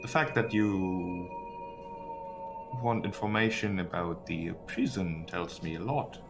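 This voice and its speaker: A man voicing a calculating woman prisoner who speaks in a measured, cautious way. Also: deep voice, vocal fry, music in the background, exaggerated voice. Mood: guarded. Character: guarded calculating woman captive.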